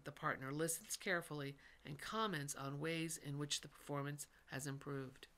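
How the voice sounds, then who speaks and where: A narrator reading a scripted professional training module in a steady, instructional manner. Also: medium pitch. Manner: steady, instructional read-aloud delivery. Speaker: teacher trainer.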